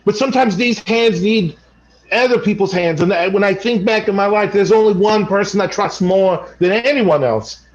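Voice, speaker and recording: A man playing a halting, sentimental old orchard farmer. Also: high-pitched, lo-fi sound, lightly acted. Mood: heartfelt. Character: sentimental aging male orchard owner Ricky. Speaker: improv performer. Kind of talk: improv comedy scene.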